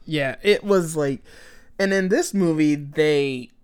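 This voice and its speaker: Rambling animated man chatting about a movie. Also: on the high side, slow, smooth. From American Midwest. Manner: rambling, animated, mimics characters in quotes. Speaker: podcast co-host. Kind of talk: casual movie review chat.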